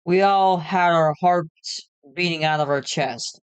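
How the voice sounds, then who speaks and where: A man narrating his own ghost story in the first person, in a plain, measured way. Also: fairly high pitch, clear, resonant tone, dry recording.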